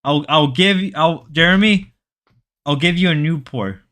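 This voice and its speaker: A male livestream host whose first language is Spanish, rambling and bantering with his chat in a loose, joking way. His voice is bright and forceful, with a clear, crisp tone. He keeps drifting into playful mock voices. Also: on the high side, normal speed. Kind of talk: casual stream chat with viewers.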